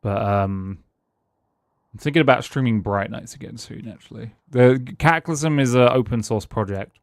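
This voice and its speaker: A man's voice: medium pitch, moderate pace, gravelly, no room sound, clean studio sound. A man streaming a game live, rambling casually and answering his chat as he plays. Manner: rambling, chatty, answers chat and thanks followers.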